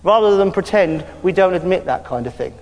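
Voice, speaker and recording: Man, high voice, casual lively preaching, church hall echo. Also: brisk, highs cut off. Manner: lively, conversational preaching with frequent hallelujahs. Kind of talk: sermon. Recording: hall reverb.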